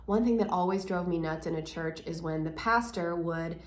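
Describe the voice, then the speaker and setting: A woman, a pastor, talking in a lively, emphatic way during a casual church video chat. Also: on the low side, moderate pace, echoey room. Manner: animated, emphatic storytelling.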